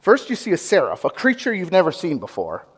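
A man giving an interactive sermon, conversational and animated, asking his audience questions and wandering into asides. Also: a little high, a little fast, breathy edge, big-room sound. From United States. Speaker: pastor or Bible teacher.

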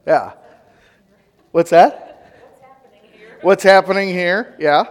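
A man giving an interactive sermon, conversational and animated, asking his audience questions and wandering into asides. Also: high-pitched, slow, pauses often, big-room sound. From United States. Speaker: pastor or Bible teacher.

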